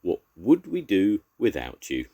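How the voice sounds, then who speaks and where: An older man voicing a kindly, wise old male badger in a storybook, gentle and fatherly. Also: deep voice, huge pitch swings, a little slow, voice pushed up, full character voice.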